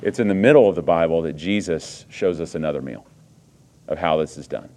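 A man preaching a sermon, swinging from hushed, slow passages to loud, emphatic ones and asking the congregation rhetorical questions. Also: low voice. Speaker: pastor.

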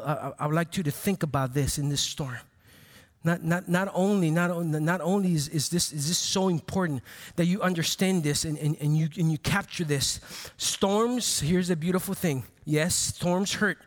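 A man preaching a sermon as pastor, animated, with many repeated phrases and call-and-response to the congregation. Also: sits high, moderate pace. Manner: animated, playful asides to the congregation.

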